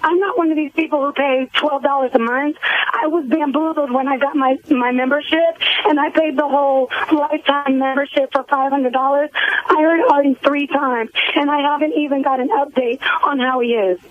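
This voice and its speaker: A woman's voice: steady tone, moderate pace, dry recording. A woman calling in to a radio show, blunt and insistent, swearing as she complains. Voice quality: shrill. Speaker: caller. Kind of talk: angry call-in complaint. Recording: tinny phone line.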